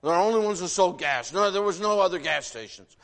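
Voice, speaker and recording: A man in his sixties, originally from the northern United States, preaching a sermon in an animated, folksy way, full of rhetorical questions. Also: high voice, brisk. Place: church sanctuary. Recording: long reverb of a large hall.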